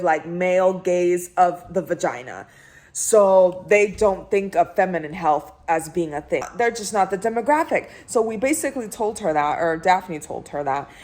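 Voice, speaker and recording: A woman vlogger, a bit drunk, ranting and telling stories in a casual chat. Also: medium pitch. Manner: ranting, animated storytelling. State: tipsy.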